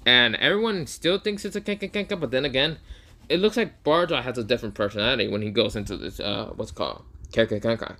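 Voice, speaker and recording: A man's voice: medium pitch, fast, bright, forceful tone. A young man casually retelling an imagined fan story, rambling with many fillers and self-corrections.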